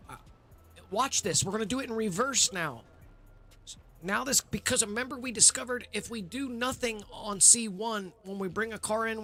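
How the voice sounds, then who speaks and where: A man's voice: high voice, pushed and bright. A man hosting a live gaming stream, chatting loosely with viewers, rambling and swearing casually. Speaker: livestream host. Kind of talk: casual livestream chat.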